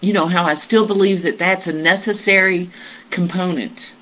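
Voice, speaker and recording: A group member sharing personal news in a meditation group, halting and reflective, with many pauses and fillers. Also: mid-range voice, steady tone, pushed and bright. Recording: muffled recording with faint hiss.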